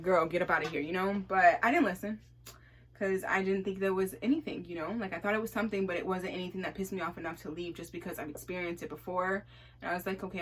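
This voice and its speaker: Young woman, low-ish voice, casual animated storytelling with acted-out quotes. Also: slight background noise. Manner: animated, acts out quotes, many fillers.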